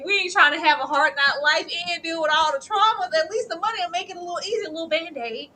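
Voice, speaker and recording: A woman co-hosting a TV recap show, animated and laughing, swinging from hushed asides to loud outbursts. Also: extremely high pitch, quick pace, few pauses, a little hiss or hum. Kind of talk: casual chat reviewing a TV episode.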